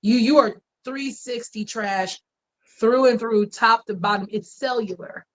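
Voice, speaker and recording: A woman's voice: fairly high pitch, a little slow, a little hiss or hum, low-quality recording. A woman co-hosting a casual gossip podcast, blunt and profane as she rants. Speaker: podcast co-host.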